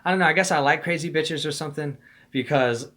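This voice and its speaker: A man's voice: a little high, fast talker, bright, forceful tone. A young man telling a personal story in a casual monologue, with slangy, profane talk full of "like", "dude" and "bro".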